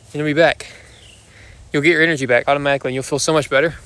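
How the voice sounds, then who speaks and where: A young man with a slightly high voice talks to his viewers on a phone livestream from his backyard. He is out of breath after exercise, and his loose, joking chatter comes with heavy breathing between phrases. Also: steady tone, racing, fairly bright tone, clear, resonant tone. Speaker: livestream host. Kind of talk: casual live chat with viewers. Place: backyard outdoors.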